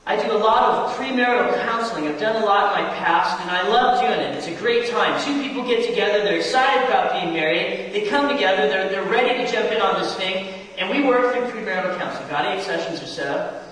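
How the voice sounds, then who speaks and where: A man's voice: high voice, animated, brisk, fairly bright tone. A man pastor preaching a sermon, talking straight to the congregation and asking them questions. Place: church hall. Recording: echoey hall, distant mic.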